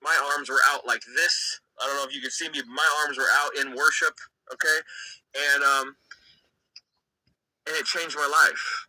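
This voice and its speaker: A man's voice: medium pitch, fairly even intonation, a little fast, sharp tone, no echo, poor audio. A man giving a personal faith testimony in an earnest, emotional, conversational way, with many fillers.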